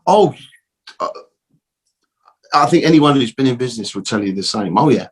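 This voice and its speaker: A man's voice: mid-range voice, lively intonation, moderate pace, breathy edge. A middle-aged man, a guest telling a long personal story in a casual, rambling way with mild swearing. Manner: rambling, repeats words, swears mildly. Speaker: guest, optical shop owner.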